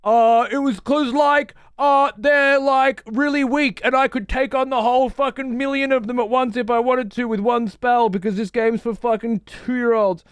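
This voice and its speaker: A man's voice: extremely high pitch, steady tone, normal speed, hardly any pauses, clean tone, dry recording, clean studio sound, voice pushed up. A man putting on a mocking voice of a dwarf king from a game, sarcastic and dim-sounding. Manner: sarcastic, dim, boastful mockery.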